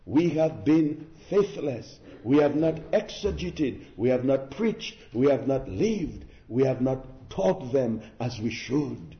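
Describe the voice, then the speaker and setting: A man's voice: mid-range voice, very animated, takes it slowly, few pauses, roomy sound, highs cut off. A man preaching a sermon in an earnest, exhorting manner, with rhetorical questions and emphatic repetition.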